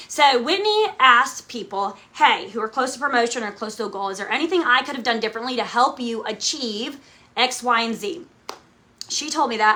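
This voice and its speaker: Speaking directly to the camera on its built-in mic, a direct sales leader gives her team a motivational coaching talk. Her high voice is bright and sharp, and she's emphatic, checking in with "okay?" after every point.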